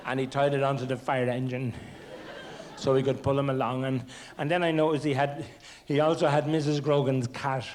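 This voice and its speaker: A man's voice: medium pitch, flat delivery, normal speed, a little mellow. A man telling comic childhood stories on stage, with a stammering, mock-innocent delivery. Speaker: stand-up comedian. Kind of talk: stand-up storytelling. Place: theatre stage. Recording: noisy old VHS tape.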